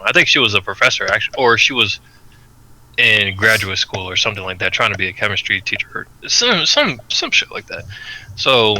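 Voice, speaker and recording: A man from New Jersey co-hosting a casual podcast, telling work stories with animated mimicry. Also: lowish voice, poor audio. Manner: animated storyteller, mimics customers. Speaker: podcast co-host. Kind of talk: casual chat, storytelling.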